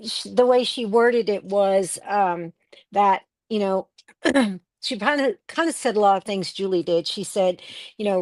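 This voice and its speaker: A woman's voice: mid-range voice, expressive, a little slow, a little mellow, no echo. A woman co-hosting a casual livestream, telling stories in a chatty way with lots of fillers and restarts. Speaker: co-host of a crafting livestream.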